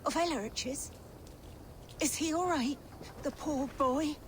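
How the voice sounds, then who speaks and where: A woman's voice: high voice, slow, slight background noise. An actress voicing a frightened, injured young woman held captive in a video game, asking wary, pained questions. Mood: anxious.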